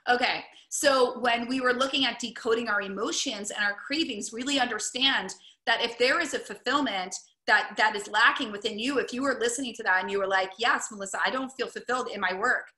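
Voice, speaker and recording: A wellness coach gives a casual, upbeat teaching talk to camera in a high-ish, bright, forceful voice at a fairly quick pace. Her speech is packed with "like" and "right?", and the room sounds echoey.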